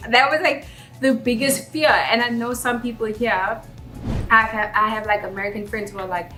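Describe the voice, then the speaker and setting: A woman's voice: medium pitch, brisk, sharp tone. A young South African woman with a South African accent, talking candidly and reflectively in a chatty vlog. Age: young adult. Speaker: vlogger. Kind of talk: casual vlog talk. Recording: roomy echo, faint background music.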